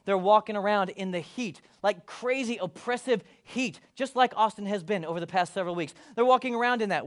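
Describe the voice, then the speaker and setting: A man with a high, light voice delivering a sermon with lots of energy. He jokes with the listeners and acts out the people in the story as he goes. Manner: animated, playful asides, acts out voices of the disciples. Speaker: pastor.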